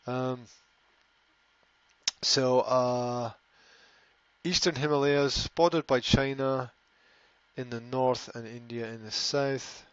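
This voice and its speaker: Man, live-stream host, rambling casual chat, repeats words, mid pitch, dry lo-fi audio. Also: fairly even intonation, takes it slowly, long pauses, smooth, no room sound. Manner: rambling, repeats words, reads out viewer comments. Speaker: language school host answering live chat.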